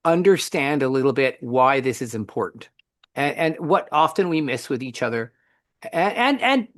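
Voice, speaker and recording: A middle-aged man co-hosting a faith podcast, telling a story in a lively conversational way with frequent restarts. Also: medium pitch, normal speed, no room sound, clean studio sound. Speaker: podcast co-host.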